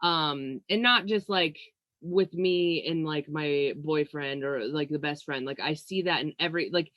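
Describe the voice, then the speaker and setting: A woman's voice: low voice, unhurried, no echo, lo-fi sound. A young woman co-hosting a podcast, chatting casually about astrology, laid-back, swearing and laughing freely. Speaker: podcast co-host.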